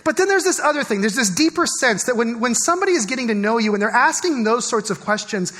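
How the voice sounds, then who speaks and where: A man's voice: very high-pitched, expressive, fast, fairly bright tone, in a large hall. A man preaching a sermon as pastor, speaking conversationally and often stopping to ask the congregation questions. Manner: conversational, repeats words and asks the congregation questions. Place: church sanctuary.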